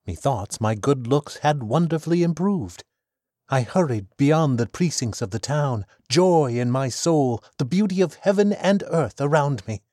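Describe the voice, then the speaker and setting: A man narrates a classic tale in the first person, measured and expressive. His voice sits at an ordinary pitch, recorded close and dry with no room sound. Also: no echo. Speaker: audiobook narrator. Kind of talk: scripted narration of classic fiction.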